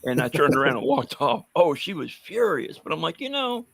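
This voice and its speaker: A man's voice: fairly high pitch, big pitch swings, fairly quick, creaky, breathy edge, no echo. A man telling blunt, wry stories in a casual podcast conversation. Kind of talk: casual anecdotal storytelling.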